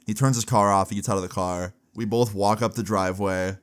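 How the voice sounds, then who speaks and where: A young man in his late teens telling a personal story in a casual, animated way, acting out the quoted voices. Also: lowish voice, a little fast, clean tone. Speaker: storytelling vlogger.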